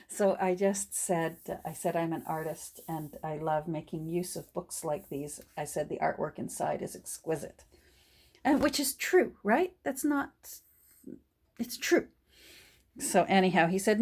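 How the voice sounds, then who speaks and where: A woman's voice: lowish voice, unhurried. A middle-aged woman chatting casually while she works, showing a book haul to her phone, restarting her sentences as she goes. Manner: drops to a whisper while showing pages. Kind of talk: casual chat while working.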